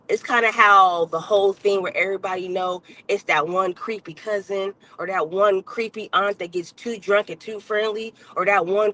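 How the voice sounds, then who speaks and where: A woman's voice: medium pitch, sharp tone, rough recording. A woman on a livestream, ranting bluntly with heavy cursing and lots of emphatic repetition. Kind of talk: unscripted livestream rant.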